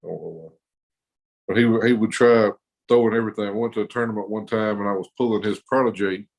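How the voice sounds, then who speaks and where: A man's voice: lowish voice, fast talker, creaky, rough recording. A man with a drawl spins a casual story as a podcast guest. His talk is rambling and profane, full of laughter.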